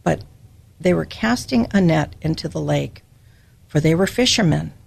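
Older lady from hawaii, raspy and gravelly, heartfelt bible teaching on her podcast. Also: low-pitched, expressive, normal speed. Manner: personal, emotional storytelling. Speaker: Christian podcast host.

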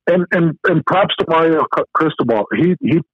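A man's voice: a little high, lively intonation, normal speed, husky, no echo. A man co-hosting a sports radio talk show, speaking emphatically with frequent restarts. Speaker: co-host. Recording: tinny phone-like line.

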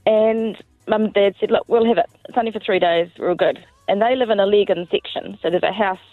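A woman's voice: medium pitch, brisk, no echo, faint music behind. A woman with a New Zealand accent, calling into a radio show and cheerfully telling a story. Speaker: caller. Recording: tinny dry phone line.

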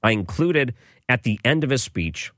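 A man's voice: medium pitch, animated, moderate pace, fairly bright tone, dry recording, studio quality. A man hosting an overnight radio show, chatting enthusiastically with some restarts. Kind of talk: casual radio talk. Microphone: studio microphone.

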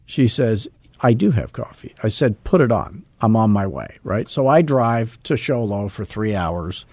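Warm-voiced man in his sixties telling stories. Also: fairly low pitch, unhurried, slightly rough, dry recording. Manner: animated, acts out quoted dialogue; self-deprecating, chuckles often. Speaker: real estate coach. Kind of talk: casual storytelling on a coaching call.

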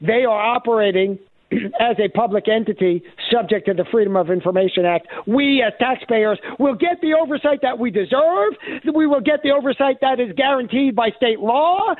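A man guest-hosting a talk radio show as a law professor, speaking emphatically and clearing his throat now and then. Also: very high-pitched, no echo. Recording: dry, phone-like talk radio sound.

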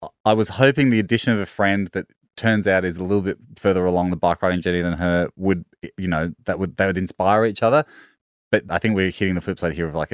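A middle-aged Australian man, a podcast guest, telling stories in an animated, self-deprecating way and acting out the lines he quotes. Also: deep voice, no room sound, studio quality. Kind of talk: casual storytelling.

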